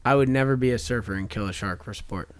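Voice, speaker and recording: A man's voice: mid-range voice, fast talker. A young man co-hosting a podcast in casual chat, laid-back and jokey, using surfer slang like "dude" and "gnarly". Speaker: podcast co-host.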